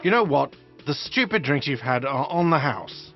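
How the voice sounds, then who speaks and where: A man's voice: medium pitch, animated, moderate pace, close to an everyday voice. An actor voicing a whiny, irritable male hostel manager in a game. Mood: irritated. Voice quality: whiny, peevish. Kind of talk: game voice acting. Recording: dull lo-fi game capture with music.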